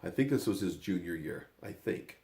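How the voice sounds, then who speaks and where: An older man with a rough, gravelly voice pitched a little low tells a family story. He rambles and drifts off track, then pulls himself back with another "anyway". It's loose, casual storytelling. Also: animated, normal speed, warm tone. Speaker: grandfather telling family stories.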